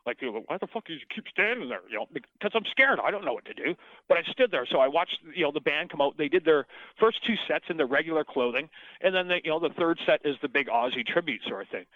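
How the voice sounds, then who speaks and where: A middle-aged singer tells his story in a casual interview, rambling, swearing freely and restarting constantly. His voice is a little high, expressive and fast. The audio is dry with a tinny phone-line sound.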